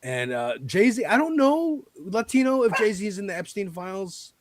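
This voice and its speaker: A man's voice: sits high, big pitch swings, moderate pace, no echo. An American man hosting a podcast, talking loosely about politics and celebrities, laughing and swearing. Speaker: podcast host. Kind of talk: casual political chat.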